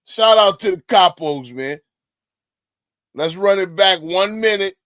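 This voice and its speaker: Man, very high voice, slow drawn-out delivery, dry close sound, livestream host, excitable. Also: no echo. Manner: loud, excitable, often shouting to chat. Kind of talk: reacting to a clip for chat.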